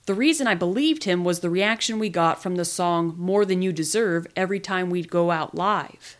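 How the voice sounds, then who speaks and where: A woman reading a memoir aloud in the first person, with lively, expressive storytelling. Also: on the low side, normal speed. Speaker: podcast reader.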